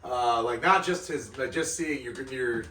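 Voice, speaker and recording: A young man chatting casually as a podcast guest, telling animated stories and laughing. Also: mid-range voice, unhurried, distant mic, a little hiss or hum. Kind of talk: casual storytelling chat. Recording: roomy, off-mic sound.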